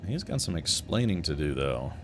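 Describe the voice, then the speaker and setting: A man's voice: rumbling low, very animated, normal speed, noisy background. A man streaming a game, chatting with his viewers in a rambling, joking way with frequent chuckles. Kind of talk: casual gameplay commentary.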